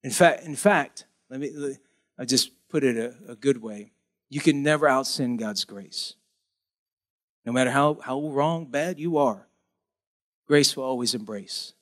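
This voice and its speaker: A man preaching a sermon as pastor, animated, acting out pleading voices in a high whine. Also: unhurried.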